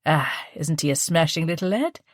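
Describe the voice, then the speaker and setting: A kind, coaxing man photographer, voiced by a woman narrating a novel. He speaks in a soothing, lowish voice, and the recording is close and dry. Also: animated, normal speed, dry recording. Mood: gentle. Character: kindly Irish male photographer, gentle.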